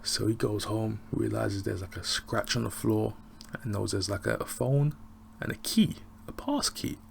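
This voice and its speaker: A man giving a casual, rambling recap of a TV episode, excitable and often laughing. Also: lowish voice, normal speed, vocal fry, a little hiss or hum. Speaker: TV show reviewer.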